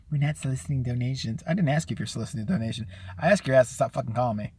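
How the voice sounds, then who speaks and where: A man live-streaming a casual rant, profane and sarcastic, who often mimics other people in a high, mocking voice. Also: animated, very fast, a little mellow, slightly rough. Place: out and about, at a store.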